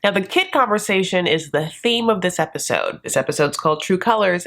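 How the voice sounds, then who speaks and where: American woman chatting thru a tv recap, snarky, lowish voice. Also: animated, brisk, a bit bright. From United States. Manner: sarcastic, chatty, does mocking voices for the cast. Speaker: reality TV recap host. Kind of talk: casual commentary.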